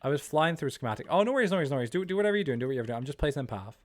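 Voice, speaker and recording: A man's voice: on the high side, very animated, rapid-fire. A man live-streaming a game, chatting casually with friends, rambling with lots of "like" and "bro" and teasing them. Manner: joking and teasing. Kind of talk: casual live-stream chat while playing.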